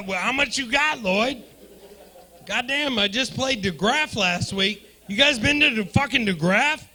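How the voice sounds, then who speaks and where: A man works a club crowd as a stand-up comic, loud and profane. His voice sits high for a man and has a bright, sharp edge. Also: animated, a little slow. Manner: loud, profane, riffing with the audience. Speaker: stand-up comedian hosting the night. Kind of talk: stand-up comedy with crowd work. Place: comedy club stage.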